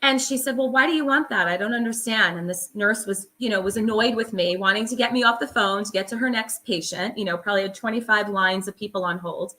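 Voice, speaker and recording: Middle-aged woman guest, bright tone, earnest conversational storytelling. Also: mid-range voice, fairly quick, hardly any pauses, a little hiss or hum. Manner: earnest, emphatic, many fillers. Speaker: guest, holistic psychologist.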